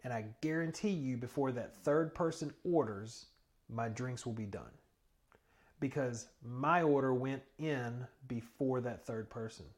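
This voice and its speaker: A man's voice: mid-range voice, unhurried. A man co-hosting a podcast, chatting casually and explaining things step by step with the odd filler. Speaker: podcast co-host. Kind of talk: casual chat.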